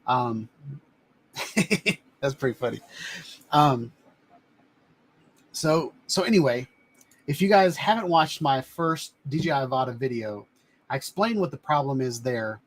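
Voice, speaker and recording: A man's voice: mid-range voice, expressive, unhurried, pauses often. A man hosting a casual live stream from a home studio, chatting in a rambling way as he shows items to the camera. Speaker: live-stream host reviewing drones.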